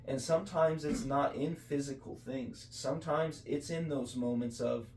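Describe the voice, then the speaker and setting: A man's voice: fairly high pitch, moderate pace, a little mellow, echoey room, far from the mic, slight background noise. A man co-hosting a casual faith talk, speaking earnestly and preachily with many restarts and self-corrections. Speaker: podcast co-host.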